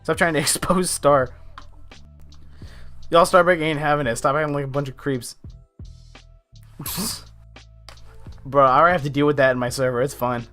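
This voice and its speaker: A man's voice: a little high, steady tone, normal speed, pauses often, pushed and bright. A young man chatting casually on his art live stream, rambling with lots of fillers. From United States. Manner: chatty, rambling, many fillers, laughs often. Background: faint lo-fi music.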